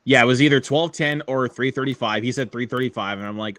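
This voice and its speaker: Fast and with few pauses, a young man talks in a medium-pitched, slightly bright voice. He's hosting a casual online hangout over a call in a laid-back manner, laughing often and repeatedly stumbling and starting over.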